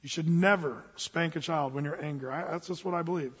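High-voiced husky man preaching. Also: a little fast, a bit bright. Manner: folksy, stumbling restarts, humorous asides. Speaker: pastor. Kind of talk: conversational sermon. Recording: dull, reverberant hall sound.

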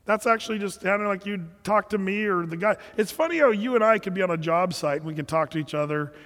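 A middle-aged pastor with a high voice tells stories from the pulpit in a loose, conversational way, often restarting his sentences. His voice carries a long reverb from a church hall. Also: quick pace, a bit bright. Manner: conversational storytelling preacher, frequent restarts. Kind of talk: sermon.

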